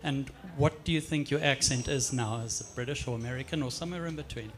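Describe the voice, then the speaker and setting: A man's voice: medium pitch, fast. Man from Zimbabwe in the audience; polite, curious questioner. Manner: polite, inquisitive. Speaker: audience member asking a question.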